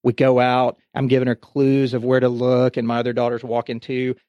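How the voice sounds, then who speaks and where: A man's voice: mid-range voice, brisk, no echo, muffled recording. A man in his thirties, co-hosting a podcast, chatting casually and acting out voices as he tells stories. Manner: animated storyteller, acts out voices. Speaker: podcast co-host. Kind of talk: casual chat.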